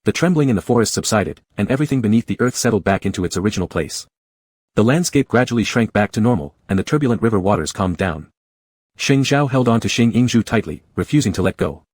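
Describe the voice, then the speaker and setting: A man reads a novel aloud at an even, measured pace. His voice is low and husky. The recording is dry and close. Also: no echo. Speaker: narrator. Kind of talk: scripted audiobook narration.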